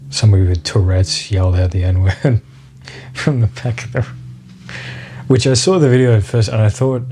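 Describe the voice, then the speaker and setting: Deep husky man rambling on a podcast. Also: dark tone. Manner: rambling, profane, sidetracked, with many fillers. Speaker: podcast host. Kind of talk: rambling solo podcast monologue.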